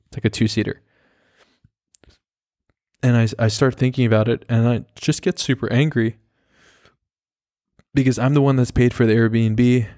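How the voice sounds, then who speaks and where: A man's voice: fairly low pitch, a little mellow, dry recording, clean studio sound. A young man hosting a podcast, telling a story casually with lots of fillers and swearing. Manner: rambling, profane, full of fillers like "like". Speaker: podcast host.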